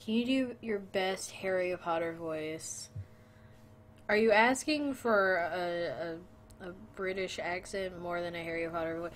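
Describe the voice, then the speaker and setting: A woman's voice: on the low side, measured pace, slight background noise. Playful woman chatting on a game stream. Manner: playful, chatty, greets viewers and jokes with them. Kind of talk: casual live-stream chat while gaming.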